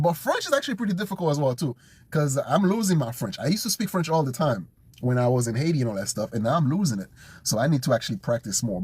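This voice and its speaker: A man learning Polish, thinking aloud and slowly repeating words to memorize them. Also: mid-range voice, darkish tone, husky. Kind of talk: casual self-study vlog.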